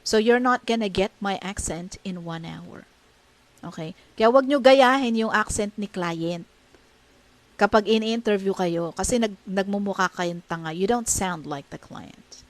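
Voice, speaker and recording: A woman's voice: medium pitch, normal speed, no echo. Blunt Filipino woman giving hiring advice. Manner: blunt and candid, switching between English and Tagalog, many fillers. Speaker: virtual assistant hiring interviewer. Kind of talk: casual advice monologue.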